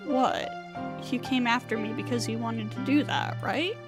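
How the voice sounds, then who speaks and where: A woman reading as a gentle teenage boy. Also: a little high, lightly acted. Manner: soft, reassuring, unhurried. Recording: music playing behind.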